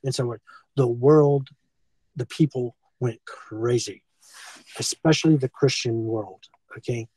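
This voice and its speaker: Older American man, husky voice, rambling, filler-heavy; dry handheld-phone sound. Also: mid-range voice, takes it slowly, dark tone, dry recording, poor audio. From United States. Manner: rambling, keeps saying "okay" and "and so forth". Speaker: former school teacher being confronted. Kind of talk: rambling confrontation talk. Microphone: filmed on a handheld phone.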